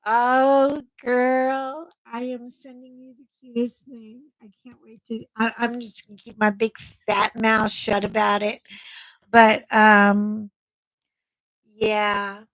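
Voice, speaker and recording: A blunt, chatty middle-aged woman hosting a casual livestream, talking slowly and unhurriedly in a slightly high voice. She laughs easily and speaks straight to her viewers. The sound is dry and close. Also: flat delivery, a bit bright, no room sound, low-quality recording. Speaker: livestream host. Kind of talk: casual chat with live viewers.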